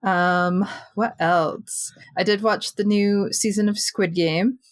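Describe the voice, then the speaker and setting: A woman's voice: mid-range voice, steady tone, slow, dry recording. A woman co-hosting a podcast in casual chat, chatty with many fillers and laughs. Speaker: podcast co-host.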